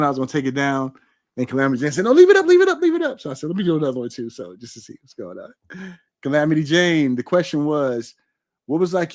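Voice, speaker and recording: A man hosting a casual live stream, reading viewer comments aloud and answering with slow, repeated affirmations. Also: medium pitch. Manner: warm, repetitive, emphatic affirmations.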